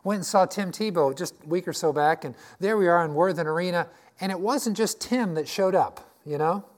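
A man's voice: sits high, brisk. An older man preaching a folksy sermon in a church, joking and checking in with his congregation. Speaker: pastor. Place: church sanctuary.

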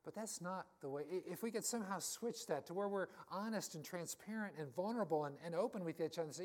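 A man's voice: sits high, fast talker, few pauses, darkish tone. Man preaching a conversational sermon. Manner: storytelling, personal anecdotes. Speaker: pastor.

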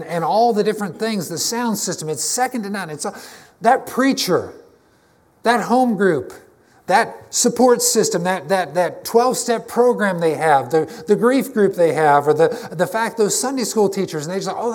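A man preaching a conversational, emphatic sermon to his congregation, often restarting his phrases. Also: high-pitched. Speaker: pastor.

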